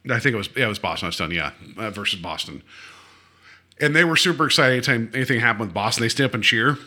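A man's voice: mid-range voice, animated, very fast, sharp tone. A man co-hosting a podcast, tipsy from drinking, rambling through a story with lots of fillers and self-corrections. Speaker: podcast co-host. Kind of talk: casual chat.

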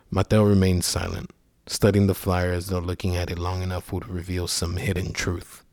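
A man narrating a scripted story in a measured, somber way. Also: low voice, monotone, darkish tone, dry recording, studio quality.

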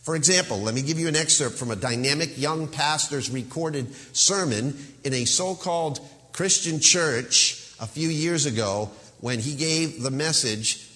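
A man's voice: a little high, a little slow, sharp tone, in a large hall. A male pastor preaching an earnest, emphatic sermon with a warning tone.

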